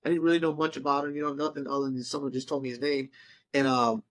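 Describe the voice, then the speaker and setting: Tattoo guy on a remote call, swears a ton, animated stories, dry sound. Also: medium pitch, fast talker, no echo. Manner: profane, animated storytelling. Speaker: tattoo artist. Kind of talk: remote casual conversation. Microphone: remote call mic.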